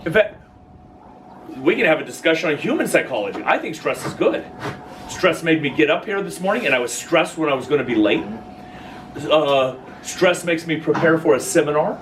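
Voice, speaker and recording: A man's voice: on the high side, animated, a little fast. A man leading a dog-training workshop in an informal, jokey lecture, acting out quoted voices as he talks. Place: workshop room with listeners. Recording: distant voice with clear background noise.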